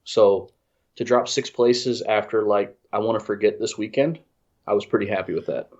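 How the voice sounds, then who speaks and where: Low-voiced man, rambling story. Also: fairly even intonation, moderate pace, a little mellow. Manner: rambling, self-deprecating, many restarts. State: congested. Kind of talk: casual storytelling. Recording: dull lo-fi audio.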